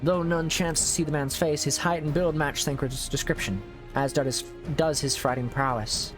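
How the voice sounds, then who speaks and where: A man's voice: on the high side, steady tone, moderate pace, over music, natural voice. A man reading an earnest young scholar. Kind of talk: reading game dialogue aloud.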